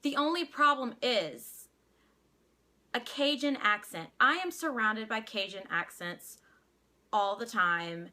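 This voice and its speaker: A woman's voice: fairly high pitch, expressive, slow, sharp tone. A young woman from Louisiana with a light Louisiana accent, sharing her opinion in a casual vlog and often stopping to restart her sentences. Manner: hesitant, many restarts. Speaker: vlogger.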